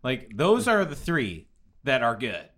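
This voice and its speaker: A man's voice: mid-range voice, huge pitch swings, a little slow, fairly bright tone. A young man co-hosting a podcast in casual chat, steering the talk back on topic. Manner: steers the talk, laughs easily. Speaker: podcast co-host.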